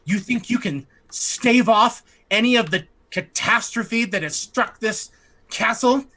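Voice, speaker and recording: A man voicing an irritable woman cook in a castle kitchen, indignant and scolding, pitched up. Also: unhurried, a bit bright.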